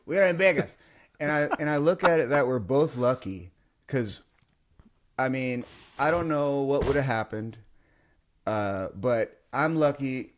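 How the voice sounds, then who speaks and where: A man's voice: medium pitch, unhurried. A man on a casual podcast, telling a story and acting out the voices. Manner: animated storyteller who acts out voices. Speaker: podcast host.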